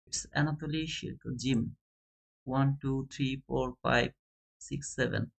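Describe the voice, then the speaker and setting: A man's voice: medium pitch, measured pace, gravelly, slightly rough. Chatty man hosting a live giveaway. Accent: South Asian English. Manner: chatty, counting and reading names aloud, excitable bursts. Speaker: trading channel host running a giveaway. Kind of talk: casual live-stream chat.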